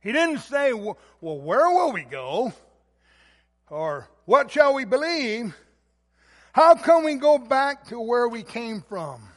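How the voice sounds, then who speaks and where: High-voiced man preaching in a reverberant hall. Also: big pitch swings, slow. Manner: emphatic preaching, swells louder on key words. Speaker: pastor. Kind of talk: sermon.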